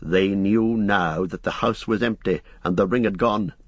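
A man narrating an audiobook in a measured, even storytelling manner. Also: lowish voice, no room sound. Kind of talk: scripted narration.

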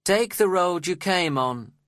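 A man voicing a cold, indifferent young woman in a storybook reading, speaking slowly and dismissively. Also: high-pitched, lively intonation, a bit bright, dry recording, studio quality, voice pushed up.

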